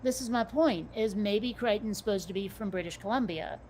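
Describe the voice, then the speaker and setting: A woman co-hosting a casual chat, talkative and quick to swear, often restarting her sentences. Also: medium pitch, darkish tone, slight background noise.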